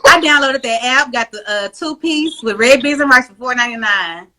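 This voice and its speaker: A woman chats as a podcast guest, her voice bright and fairly high. She tells stories with lively energy, full of slang and jokes. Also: normal speed, low-quality recording. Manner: animated storytelling, slangy and joking. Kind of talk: casual interview chat.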